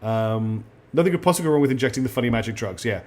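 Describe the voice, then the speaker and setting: Here a man with a slightly mellow, medium-pitched voice talks very fast with lively intonation, and a little hiss or hum sits under the audio. He's streaming a game, casually reading its text aloud and hesitating with lots of ums, restarts and apologetic asides.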